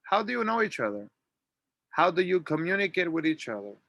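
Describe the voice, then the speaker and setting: A man teaching an English grammar lesson, reading model sentences slowly and clearly for students to repeat. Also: on the high side, sing-song, fairly bright tone, dry recording. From Latin America. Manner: slow, drawn-out model sentences.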